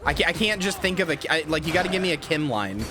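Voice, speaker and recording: A man's voice: a little high, lively intonation, fast, background noise. A man chatting casually to his live-stream viewers while he plays a game, rambling, swearing freely and laughing at himself.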